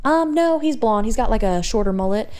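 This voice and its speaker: A woman co-hosting a podcast, telling stories in a giggly, animated way. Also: on the high side, a little fast, smooth. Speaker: podcast co-host. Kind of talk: casual chat.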